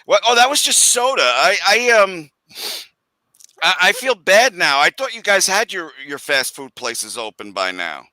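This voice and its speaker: A man's voice: high voice, sing-song, a little slow, bright, forceful tone, dry recording. An older man co-hosting a casual chat, wry and self-deprecating with his jokes. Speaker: co-host.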